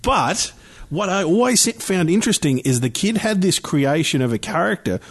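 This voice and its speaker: A man co-hosting a casual chat, telling stories in a halting, rambling way. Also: sits high, very animated, breathy edge. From Australia. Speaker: podcast co-host.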